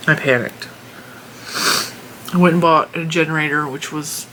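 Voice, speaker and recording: A middle-aged woman hosting her crafting channel, telling a story casually with animated exasperation. Her voice has a bright edge. Faint noise hums behind her. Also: low-pitched, quick pace. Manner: animated, exasperated retelling with laughs.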